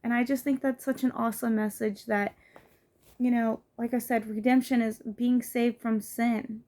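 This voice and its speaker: A woman gives a casual home devotional, earnest and conversational. Her voice sits a little high, and her talk is loose, with fillers and quick restarts. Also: little pitch movement, mellow. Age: adult with children. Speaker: lay preacher.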